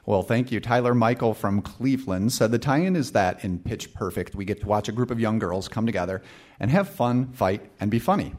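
A man's voice: fairly low pitch, animated, brisk, a little mellow. Wry man reading listener emails. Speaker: podcast co-host. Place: live stage before an audience.

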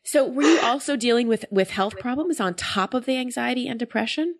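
A woman interviewer, empathetic and expressive, with wry asides as she relates to her guest. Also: fairly high pitch, a little fast. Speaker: interviewer, host. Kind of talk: interview conversation.

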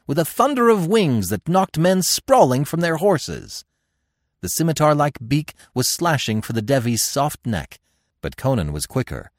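Low-voiced guy reading a pulp adventure story, big dramatic ups and downs, dry close mic. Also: very animated, measured pace, no echo. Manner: dramatic, with wide swings of pitch and volume. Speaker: narrator and host. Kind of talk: dramatic scripted story narration.

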